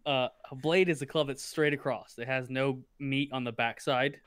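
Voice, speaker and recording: A man's voice: mid-range voice, fairly even intonation, moderate pace, a crowd in the background. A man hosting a podcast, asking questions and explaining things plainly. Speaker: podcast host. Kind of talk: casual interview chat.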